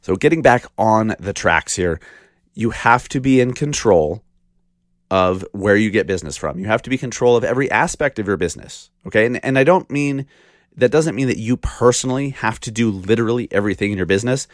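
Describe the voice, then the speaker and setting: Podcast host, male, low deep voice, blunt rant with rhetorical questions, dry close mic. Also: lively intonation, fairly quick, no room sound. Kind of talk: casual solo podcast monologue.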